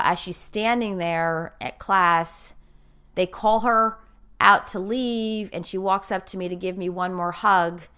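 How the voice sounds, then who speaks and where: A middle-aged woman with a smooth, clear voice that sits slightly low. She tells a personal story earnestly and casually. She rushes ahead in quick bursts and often restarts her sentences. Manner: earnest, animated storyteller who repeats herself and speeds up in bursts. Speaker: host.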